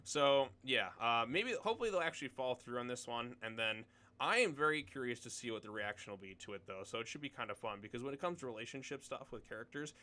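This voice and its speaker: A man's voice: mid-range voice, lively intonation, fast talker, bright, forceful tone. A young man hosting his own video, casually reading comic solicitations aloud and rambling through blunt opinions with plenty of fillers.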